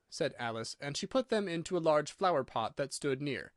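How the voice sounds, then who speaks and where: A man reading a classic storybook aloud as an expressive audiobook narrator. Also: fairly high pitch, moderate pace, no echo, studio quality. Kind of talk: scripted narration.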